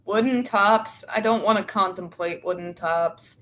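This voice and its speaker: A woman's voice: medium pitch, unhurried, fairly bright tone, slight background noise. A young woman in casual, opinionated chat, blunt and sarcastic with a lot of swearing. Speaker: show co-host.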